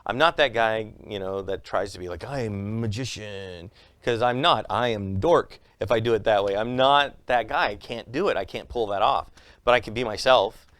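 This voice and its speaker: A man tells stories as an interview guest, throwing his voice up high to act out the people in them. His tone is smooth and resonant, and the recording is dry and close with no room sound. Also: moderate pace, no echo. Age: adult with a young son. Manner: lively storyteller acting out quotes in raised voices. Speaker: comedian and magician guest. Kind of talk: animated interview storytelling.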